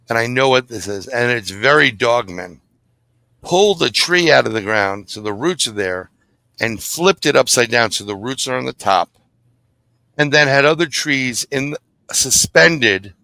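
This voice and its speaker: Man with a bright, tense voice, storytelling. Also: medium pitch, no echo. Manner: vivid, animated storytelling, blunt and profane. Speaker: guest, paranormal investigator. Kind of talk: storytelling in an interview.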